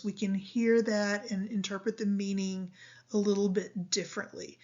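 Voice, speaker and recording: A woman delivers a recorded lecture on speech science at an unhurried, deliberate pace, pausing often with ums as she explains. Her voice sits at a middling pitch, and the recording has a slightly muffled, lo-fi quality.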